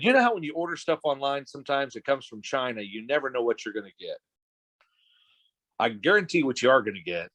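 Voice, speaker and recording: A middle-aged man, a voice actor, talking on a video call in a rambling, animated, joking way. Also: medium pitch, rough recording. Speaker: voice actor guest. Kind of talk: casual panel chat.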